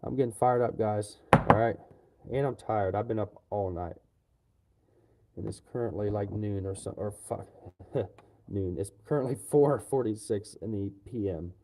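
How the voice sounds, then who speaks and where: A man ranting profanely and loudly to his livestream viewers. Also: on the low side, measured pace, background noise. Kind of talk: livestream rant.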